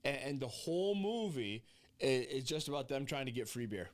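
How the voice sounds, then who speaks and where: Playful guy hosting a church chat podcast, medium voice, lively talk. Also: mid-range voice, normal speed. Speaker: church leader and podcast host. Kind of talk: casual chat.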